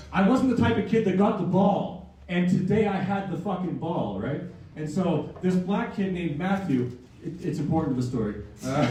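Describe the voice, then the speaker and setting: A man's voice: high-pitched, warm tone, a little hiss or hum. A man in his thirties from Canada doing a self-deprecating stand-up set, rambling with fillers and slipping into put-on voices. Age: 30s. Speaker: stand-up comedian. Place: comedy club stage with a live audience. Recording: echoey club from a distant mic, crowd laughter.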